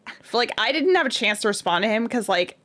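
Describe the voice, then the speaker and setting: A woman's voice: a little high, expressive, brisk, fairly bright tone. A young woman chatting casually and venting bluntly, swearing freely. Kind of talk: casual chat.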